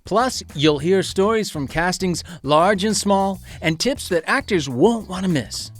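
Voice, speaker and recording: A man's voice: high voice, expressive, a little slow, soft background music. A man putting on a corny, hammy Irish accent to introduce a podcast guest. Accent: put-on Irish. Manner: hammy, sing-song announcer delivery. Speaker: podcast co-host.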